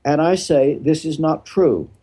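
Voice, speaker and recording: Older man, retired preacher, husky and dark-toned, emphatic with rhetorical questions. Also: fairly high pitch, lively intonation, a little slow. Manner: emphatic, rhetorical questions answered himself, repeats phrases. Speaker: retired pastor, interview guest. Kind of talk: interview answer, preaching-style explanation.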